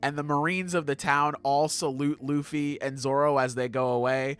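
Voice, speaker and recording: A man co-hosting a casual chat podcast, excitable and slangy, laughing often. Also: a little high, normal speed, clean tone. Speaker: podcast co-host.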